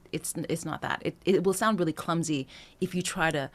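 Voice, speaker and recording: A woman's voice: lowish voice, a little fast. A woman vocal coach talking through breath choices in a singing lesson, now and then singing short lines to demonstrate. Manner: explanatory, breaks into sung demonstrations, laughs lightly.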